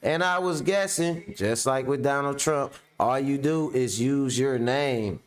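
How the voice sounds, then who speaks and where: A man's voice: medium pitch, measured pace. A man in the middle of his range who talks bluntly and swears freely. He reacts to clips in casual commentary, throws rhetorical questions and speaks straight to his audience. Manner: addresses viewers directly. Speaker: commentary host.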